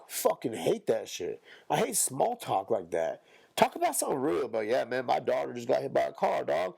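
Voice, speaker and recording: A young man, a podcast co-host, ranting bluntly and profanely in casual talk, now and then mocking others in a squeaky high voice. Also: big pitch swings, fairly quick, vocal fry, darkish tone, breathy edge.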